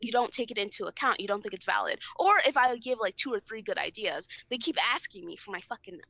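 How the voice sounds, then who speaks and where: A young woman with a naturally loud voice, co-hosting a podcast and venting bluntly with plenty of swearing in casual chat. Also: medium pitch, fast, creaky, no room sound. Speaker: podcast co-host.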